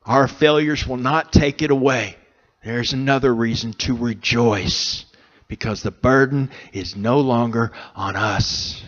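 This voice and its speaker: Slow, earnest male preacher. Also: mid-range voice, a bit bright, dull audio. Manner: slow, earnest, pausing between phrases. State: emotional, choked up. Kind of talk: sermon. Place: church sanctuary.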